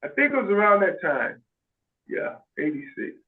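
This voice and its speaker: A man talks through a narrow, phone-like video call line, his voice sitting a little high. He tells his stories with animation, acting out what people said and often restarting mid-sentence. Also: normal speed. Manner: animated, acts out quoted voices, frequent restarts. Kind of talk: casual storytelling in a video call.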